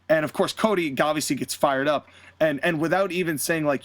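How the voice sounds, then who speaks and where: A male podcast host tells a wrestling storyline in a casual, animated way. His voice sits slightly high and the sound is dry and close. He jumps into scenes with gusto. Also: fairly quick, no echo. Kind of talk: casual recap of fantasy wrestling booking.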